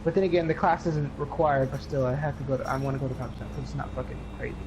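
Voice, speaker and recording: A teenage boy rambling through a casual, profane story, often mimicking other people in a higher voice. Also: steady tone, racing, noisy background. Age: teens. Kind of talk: casual chat.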